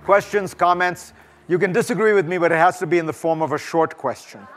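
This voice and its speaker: A man's voice: sits high, a little fast, faint music behind. A man giving a conversational, emphatic festival talk and taking audience questions, often restarting his sentences. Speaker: guest speaker. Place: lecture hall before an audience.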